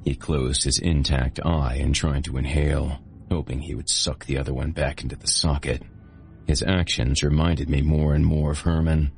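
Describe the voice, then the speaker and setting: A man with an extremely low, deep voice tells a first-person story in a grim, steady way. Faint music runs quietly behind his narration. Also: moderate pace. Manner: grim, steady, graphic telling.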